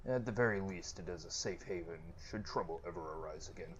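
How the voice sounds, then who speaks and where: A man's voice: sits low, a little fast, slight background noise, voice pushed down, lightly acted. A man voicing a formal, gracious male temple priest with archaic, storytelling speech, in a lo-fi let's-play recording. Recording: lo-fi with game music behind.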